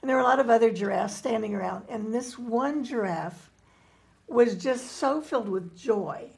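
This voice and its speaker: Woman host, gravelly and eager, mid-high voice. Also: expressive, normal speed, a little mellow. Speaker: talk show co-host. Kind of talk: casual chat.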